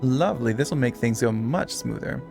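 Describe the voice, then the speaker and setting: A streamer with a mid-range, creaky voice chats casually with his viewers at a moderate pace while gaming, with music playing underneath. He swears freely and reads text aloud during this relaxed live-stream talk.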